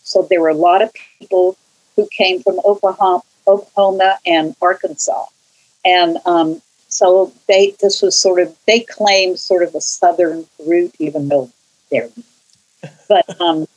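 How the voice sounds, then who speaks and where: Interviewed about growing up with music, an older church choir singer from California tells her story casually, wandering into tangents and restarting often. She speaks in a lowish voice on a muffled recording.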